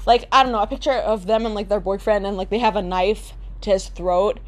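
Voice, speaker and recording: A woman's voice: mid-range voice, fairly even intonation, brisk. A young woman ranting in a comedic vlog, exasperated and sarcastic, swearing freely. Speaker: vlogger. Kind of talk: comedic rant.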